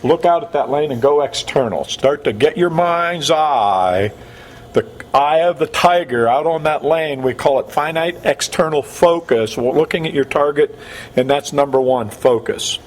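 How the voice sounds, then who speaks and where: A man's voice: a little high, normal speed. A man coaching bowling technique, talking energetically and repeating key words for emphasis. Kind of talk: coaching instruction.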